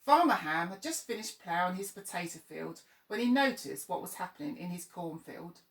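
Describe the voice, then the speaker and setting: A woman reading a children's story aloud in an expressive, lively way. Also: on the low side, moderate pace, far from the mic. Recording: echoey room, voice off-mic.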